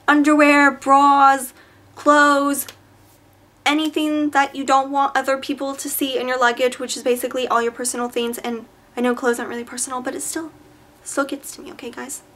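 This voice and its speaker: A woman's voice: sits high, pushed and bright. A young woman telling stories to camera in a casual vlog, chatty and exaggerated, with lots of fillers. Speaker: vlogger.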